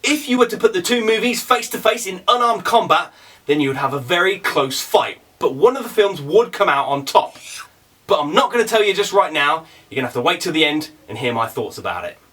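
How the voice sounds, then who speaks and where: A man's voice: high voice, very animated, brisk, pushed and bright, distant mic. A man co-hosting a casual film review, enthusiastic and jokey.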